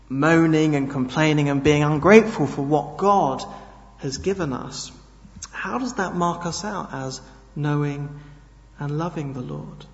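A man's voice: on the high side, in a large hall, highs cut off. A man preaching a sermon, earnest and emphatic, leaning hard on key words. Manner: earnest, emphatic, slow with sudden stresses.

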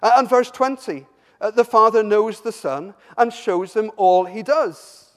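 A man from Somerset preaching a sermon, animated and emphatic, often stumbling and restarting his words. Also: high-pitched, unhurried. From Somerset, England. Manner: animated, rising to emphatic peaks, frequent stammered restarts. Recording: long hall reverb.

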